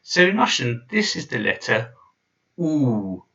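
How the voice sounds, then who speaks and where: A man's voice: mid-range voice, sing-song, unhurried, creaky, bright, forceful tone, distant mic, highs cut off. A man giving an informal video lesson, chatty and full of fillers and restarts. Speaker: language teacher.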